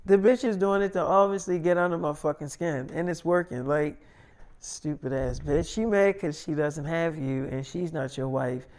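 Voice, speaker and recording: A man's voice: a little high, moderate pace, a little mellow, natural voice. A man doing a sassy, cursing young wife. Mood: bitter. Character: jealous, hot-tempered young wife. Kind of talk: improvised freestyle storytelling.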